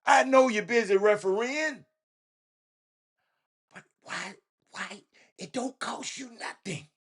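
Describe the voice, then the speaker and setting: A man's voice: sits high, slow. A man hosting a casual talk show monologue, preachy and repetitive, often stammering and restarting his sentences. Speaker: show host. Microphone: phone call.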